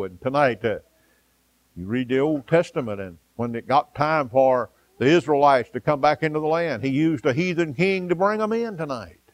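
A man preaching, with a voice of middling pitch. His delivery is rhythmic, climbing to emphasize points and then sinking to a soft, low murmur. The sound is dry and close, with no room echo. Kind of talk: evening sermon.

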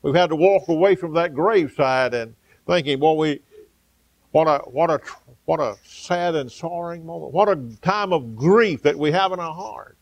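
A male preacher with a slightly high, gravelly voice, working up a sermon into fervent, rising exclamations. He calls out amen and hallelujah, pauses on "uh" between phrases, and sounds close and dry with no room echo. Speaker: pastor.

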